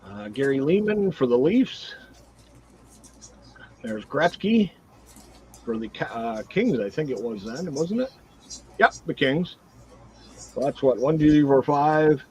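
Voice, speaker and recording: A man's voice: mid-range voice, slow pace, pauses often, poor audio. A man hosting a casual livestream card break, reading out cards and teams one after another. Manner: reads out cards and teams in a steady run.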